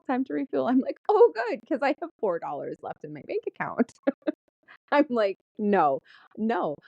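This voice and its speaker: A middle-aged woman vents about a bad day in a candid personal vlog, frank and quick to laugh and swear. Her voice sits low and dark, mellow, in a dry space with a dull, lo-fi sound. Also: no echo. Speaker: vlogger.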